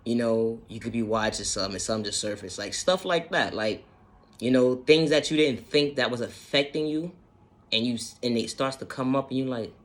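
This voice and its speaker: Slight background noise accompanies a fairly quick, mid-range male voice. In a casual motivational monologue, the self-help vlogger earnestly discusses self-healing, going over his points again and cursing from time to time.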